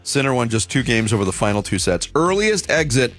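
A man hosting a morning sports radio show, reading headlines briskly and bantering with his co-hosts. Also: mid-range voice, sing-song, a bit bright, soft background music.

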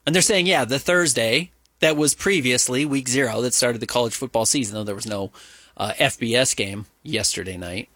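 A man co-hosting a sports talk show, opinionated and animated, rambling with fillers as he argues his point. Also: medium pitch, moderate pace, no echo, clean studio sound. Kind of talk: casual sports radio banter.

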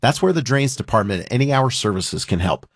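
A man's voice: expressive, a little fast, dry recording, clean studio sound. A man reading an upbeat radio advertisement for his company's services. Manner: upbeat sales pitch. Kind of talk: radio ad read.

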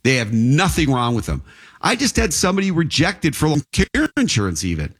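A man's voice: a little high, wildly swooping pitch, a little fast, fairly bright tone, breathy edge. A man, an insurance agent, chatting casually in an interview and telling rambling stories with frequent restarts.

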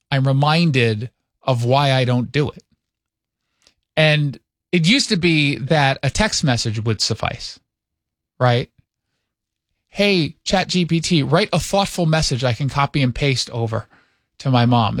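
A man's voice: mid-range voice, no room sound, clean studio sound. A man from New York, a radio host, ranting sarcastically and with exasperation in casual on-air chat.

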